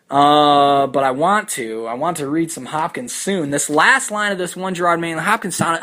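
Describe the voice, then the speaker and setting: A young man talks through poems in a loose, thoughtful way, full of fillers and restarts. His voice is bright and clear, and he slows down to read lines aloud. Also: fairly high pitch. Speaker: podcast host discussing poetry. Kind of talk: casual spoken commentary with poetry readings.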